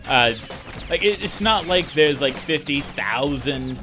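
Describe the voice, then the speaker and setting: A young man playing a game and chatting in a rambling, animated way, full of fillers. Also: on the high side, unhurried. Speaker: let's player. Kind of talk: casual chat over gameplay. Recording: voice over game music. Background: game music.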